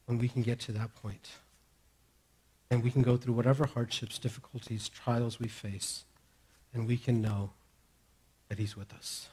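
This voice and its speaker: A man preaching a sermon as pastor, moving between raised, emphatic declarations and hushed, near-whispered reassurances. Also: medium pitch, flat delivery, normal speed, pauses often, breathy edge.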